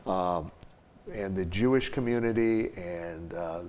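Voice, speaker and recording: Older male talk show host, deep voice. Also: slow pace, a little mellow, a little hiss or hum. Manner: frequent fillers, short agreeing interjections.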